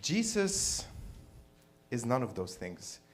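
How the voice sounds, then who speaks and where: A man performing a stand-up routine, telling irreverent stories in an animated way. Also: mid-range voice, slow. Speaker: stand-up comedian.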